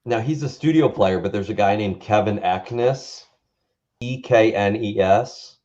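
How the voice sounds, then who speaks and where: A man co-hosting a casual live-stream chat about guitar players, relaxed and rambling, often laughing. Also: fairly low pitch, a little slow. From Canada. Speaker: co-host. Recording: slightly dull lo-fi audio.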